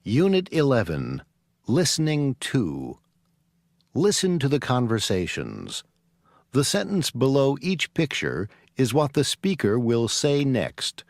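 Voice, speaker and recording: Slow, measured male lesson announcer. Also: mid-range voice, wildly swooping pitch, no echo, studio quality. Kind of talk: unit announcements in a lesson recording.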